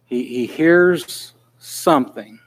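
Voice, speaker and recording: A man's voice: a little high, takes it slowly. A man preaching a sermon in an earnest manner that builds to pleading intensity.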